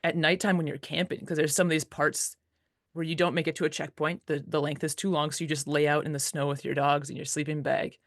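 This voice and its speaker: A woman dog musher as an interview guest, telling stories in a relaxed, casual way with lots of "like" fillers and easy laughs. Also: sits low, fairly quick, dry recording, studio quality.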